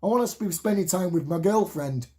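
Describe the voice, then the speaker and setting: A man in his late thirties delivers an impassioned monologue to camera, full of swearing and repetition. His voice sits high for a man yet sounds warm and soft-edged rather than bright. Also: lively intonation, fairly quick. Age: 30s. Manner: heated, swearing, repetitive rallying rant.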